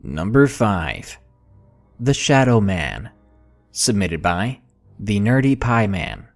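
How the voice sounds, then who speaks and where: Low-voiced man narrating a horror story. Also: very animated, takes it slowly. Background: faint background music.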